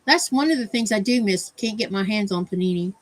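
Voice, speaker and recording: A woman's voice: mid-range voice, fairly quick. A woman in a casual chat, chiming in with short, agreeable comments. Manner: brief, agreeable interjections.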